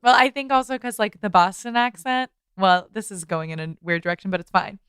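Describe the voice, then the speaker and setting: A woman's voice: medium pitch, animated, brisk, a bit bright, clear, resonant tone, dry recording, studio quality. An American woman co-hosting a casual podcast, asking questions in a friendly, giggly way. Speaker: podcast co-host.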